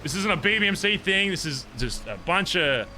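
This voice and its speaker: Young male roleplay streamer, forceful and bright tone, animated and profane, telling a long story in character. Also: sits high, fairly quick, a little hiss or hum. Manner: animated, profane, rambling recounting. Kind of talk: in-character storytelling to other players.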